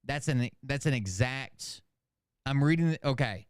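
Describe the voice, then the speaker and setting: A man's voice: mid-range voice, lively intonation, a little slow, clean tone, no room sound, studio quality. A man hosting a casual commentary show, reading emails aloud with sarcasm and swearing. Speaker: host.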